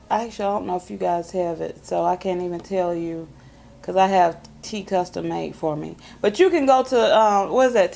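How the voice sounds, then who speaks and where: A woman's voice: fairly low pitch, creaky, a little mellow. A woman, hosting a casual, folksy chat to camera. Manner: chatty, folksy, drawn-out emphasis. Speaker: vlog host.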